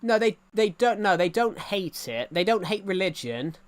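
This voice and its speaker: Halting rural English streamer. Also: medium pitch, very animated. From England. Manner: halting, many restarts and repeated phrases. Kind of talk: livestream chat answering viewer comments.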